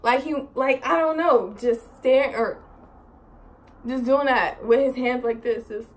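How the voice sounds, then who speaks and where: A woman's voice: high-pitched, unhurried. Rambling young woman telling a story. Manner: rambling, animated, heavy use of "like" and "so"; exasperated, swearing. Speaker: vlogger. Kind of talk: casual storytime monologue.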